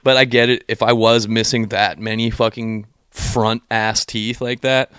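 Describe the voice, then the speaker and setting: A young podcast co-host with a voice on the low side tells a long story at a measured pace in casual chat. The studio-quality sound is clean with no room tone, and he swears freely, animatedly acting out what people said.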